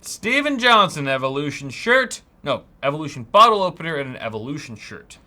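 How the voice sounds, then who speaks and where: A young man co-hosting a live tech show, joking around, swearing freely and breaking into loud bursts. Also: on the high side, big pitch swings, fairly quick. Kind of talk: casual live-stream chat.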